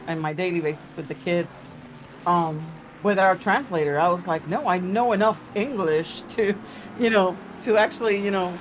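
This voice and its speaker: Spanish-accented woman, animated co-commentator. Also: lowish voice, slight background noise, rough recording. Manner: animated, laughing, exclaims often. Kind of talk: casual chat on a race stream.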